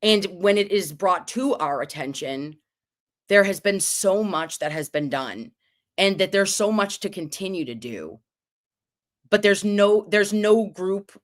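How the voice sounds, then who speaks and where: A woman with a lowish voice hosts a casual livestream, recapping an evening out. She talks in an animated, storytelling way, swearing freely as she goes. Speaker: livestream host.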